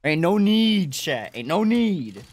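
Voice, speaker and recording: Slow-talking young streamer, excitable. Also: mid-range voice. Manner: chatty, swears, yelps loudly when excited. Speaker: streamer opening game cases. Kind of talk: casual live-stream commentary.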